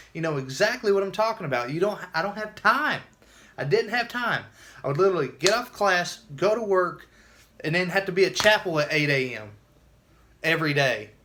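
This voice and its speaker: A man's voice: fairly high pitch, fairly bright tone. A man telling his own story in a casual vlog, earnest and emotional, often restarting his sentences.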